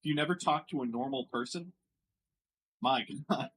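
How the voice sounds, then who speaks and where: An American man streaming casual commentary as he reacts to online posts, sarcastic and quick to laugh, sometimes mocking French words. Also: medium pitch, fairly bright tone, husky, rough recording.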